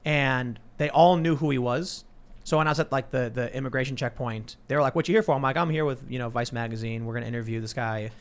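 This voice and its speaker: Man, talk show host, fast talker, casual anecdotes, mid pitch. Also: steady tone. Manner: rapid, anecdotal storytelling. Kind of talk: casual panel chat.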